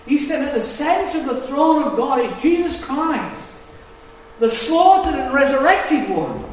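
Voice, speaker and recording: A man preaching a sermon, swinging between hushed asides and loud, emphatic declarations. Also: extremely high pitch, lively intonation, a little slow, a little hiss or hum. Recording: echoey hall, distant mic.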